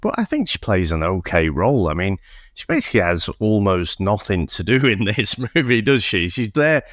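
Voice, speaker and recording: A man's voice: fairly low pitch, very animated, moderate pace, fairly bright tone, no echo, studio quality. A man co-hosting a casual podcast chat, easygoing and chuckling between his points. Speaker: podcast co-host.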